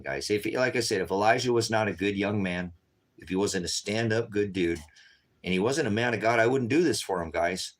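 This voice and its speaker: A weary man with a fairly low voice speaks to his viewers over a livestream. He talks urgently and keeps repeating himself, calling out "guys" again and again, and sounds worn out from a sleepless night. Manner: urgent and repetitive, constantly addressing viewers as guys. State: tired, staying up all night. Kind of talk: unscripted livestream talk to viewers.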